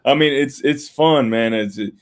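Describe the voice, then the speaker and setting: A man in his thirties, a sports commentator guesting on a chat show, relaxed and self-deprecating. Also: medium pitch, moderate pace. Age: 30s. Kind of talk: casual chat.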